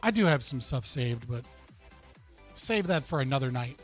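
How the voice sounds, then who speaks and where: A man's voice: medium pitch, lively intonation, normal speed, faint music behind. An American man hosting a casual livestream, joking and rambling with frequent laughs. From United States. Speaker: streamer and debate host.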